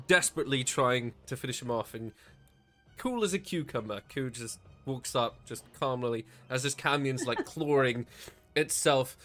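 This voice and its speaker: A man's voice: mid-range voice, fairly bright tone. Hesitant man running a tabletop game. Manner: hesitant, many ums, laughs often. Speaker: dungeon master.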